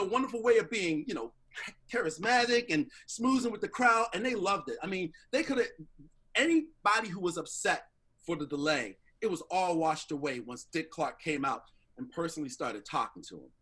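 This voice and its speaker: Middle-aged male guest, high voice, animated storyteller. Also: fairly quick, husky. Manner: animated, acts out quoted voices. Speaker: interview guest. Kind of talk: casual storytelling.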